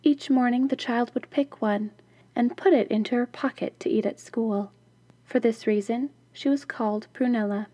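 A woman reads a fairy tale aloud as host of her podcast, breaking off for chatty, wry asides. Her voice sits a little high. The recording is close and dry. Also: normal speed, mellow, dry recording.

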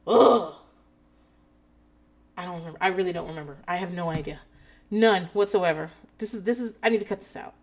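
A woman's voice: on the low side, fairly even intonation, fast talker. A woman in a rambling, casual chat, sarcastic and heavy on profanity.

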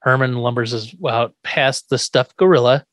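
A man's voice: medium pitch, normal speed, dry recording. A man casually recapping a sitcom episode on a podcast, acting out the characters' lines as he goes. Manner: animated retelling, acting out quoted lines. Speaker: podcast host.

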